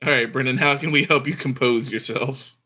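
A man's voice: mid-range voice, fairly even intonation, a little fast, sharp tone, breathy edge. A man playing in a tabletop game over a voice call, joking and teasing the game master. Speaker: player. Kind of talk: out-of-character banter in an online tabletop game. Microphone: headset on a voice call.

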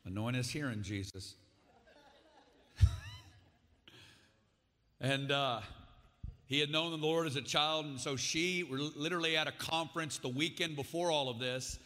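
A man's voice: a little high, steady tone, a little slow, long pauses, sharp tone. A man in his forties with an Arkansas accent, telling his testimony as a guest preacher in folksy storytelling style with frequent asides. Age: 40s. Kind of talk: sermon testimony. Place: large conference hall. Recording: reverberant hall.

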